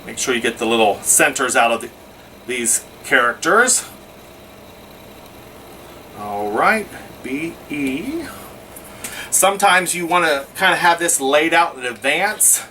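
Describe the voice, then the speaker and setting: Brief: man, fairly high and bright voice, casual craft tutor, mic set back a little with faint hiss. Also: animated, a little slow, pauses often, distant mic. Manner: chatty, narrates each step as he works. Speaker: scrapbooking instructor. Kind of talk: casual how-to demonstration.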